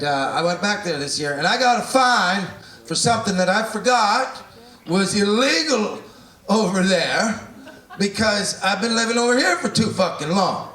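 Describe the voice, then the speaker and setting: Ranting Canadian comic, lively high voice. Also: male voice. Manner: profane, ranting, teases an audience member. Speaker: stand-up comedian. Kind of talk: live stand-up routine. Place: large theatre stage. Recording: echoey theatre, distant, loud crowd laughter.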